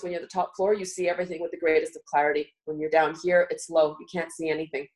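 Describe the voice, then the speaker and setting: Middle-aged woman, live-show guest, coaching warmly step by step, slightly low voice. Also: low-quality recording. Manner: earnest coaching, walks listener through steps. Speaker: guest speaker. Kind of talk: live talk show teaching.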